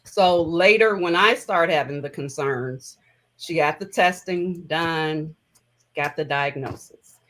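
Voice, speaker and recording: Woman, middle-aged, interview guest, reflective, heartfelt, halting phrasing. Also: low voice, fairly bright tone, poor audio. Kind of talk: personal storytelling in an interview.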